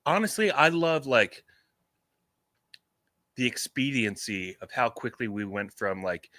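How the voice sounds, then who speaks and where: A man, co-hosting a comedy podcast with wry, deadpan one-liners. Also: medium pitch, unhurried, dry recording, studio quality. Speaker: podcast co-host. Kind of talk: casual podcast banter.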